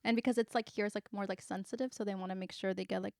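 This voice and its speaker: A woman's voice: mid-range voice, fairly even intonation, racing, vocal fry, darkish tone, no echo, studio quality. A woman chatting on a podcast as a guest, telling personal stories and laughing often. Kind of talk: casual chat.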